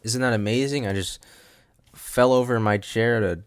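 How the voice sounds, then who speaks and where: A man's voice: on the low side, fairly even intonation, normal speed, clean tone, no echo. A man hosting a solo podcast at a home desk mic, rambling with goofy asides and frequent laughs. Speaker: podcast host. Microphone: studio microphone.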